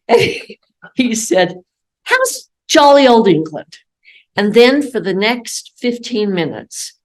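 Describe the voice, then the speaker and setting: An older woman giving a storytelling talk, lively and acting out the voices of people she quotes. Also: fairly low pitch, rough recording. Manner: animated, acts out quoted voices. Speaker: guest speaker.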